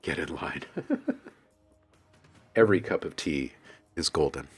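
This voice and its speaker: A man with a rumbling low voice and lively intonation speaks slowly, with a breathy edge. He's a music producer hosting a casual live stream about making music, joking with his chat, reading their messages aloud and laughing often.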